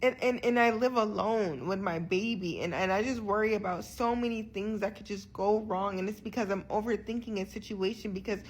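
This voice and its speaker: A woman's voice: mid-range voice, a little fast, few pauses, slight background noise. A young woman talking candidly to her viewers in a vlog, earnest and frustrated, often restarting her sentences. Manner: frequent restarts and repeated words. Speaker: vlogger sharing her health journey. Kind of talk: candid direct-to-camera vlog.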